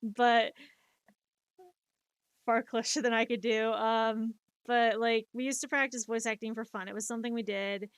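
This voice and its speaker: Woman streamer in her thirties, casual storyteller; clear, slightly high voice, dry sound, rambling with fillers. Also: little pitch movement, normal speed, no room sound. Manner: rambling, many fillers and restarts, laughs at herself.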